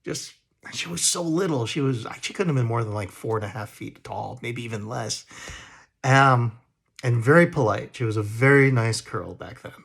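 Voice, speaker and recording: A man's voice: mid-range voice, normal speed, gravelly, a bit bright, husky. A male actor talking casually to camera and looking back on old roles, rambling and poking fun at himself. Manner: self-deprecating and rambling. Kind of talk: casual talk to camera, reminiscing.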